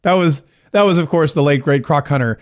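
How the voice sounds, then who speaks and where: A talk-show host, his voice sitting a little higher than most men's. He chats in an opinionated, loose way, stopping and starting his sentences as he goes. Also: brisk. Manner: chatty and opinionated, with frequent restarts and laughs. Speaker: political commentary host. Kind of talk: casual talk-show commentary.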